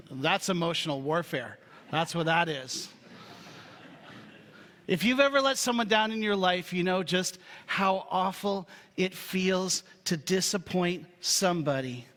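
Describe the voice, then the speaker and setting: A man's voice: high voice, measured pace, a bit bright. Man preaching a humorous, chatty sermon. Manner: humorous, conversational storytelling. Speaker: pastor. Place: church sanctuary. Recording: reverberant church hall.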